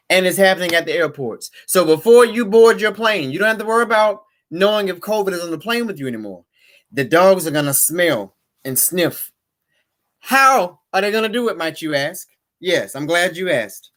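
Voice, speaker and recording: A man's voice: sits high, lively intonation, moderate pace, a bit bright. A middle-aged man hosting a live-streamed talk show, chatting casually and playfully with his viewers. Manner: chatty, addresses viewers directly, playful asides.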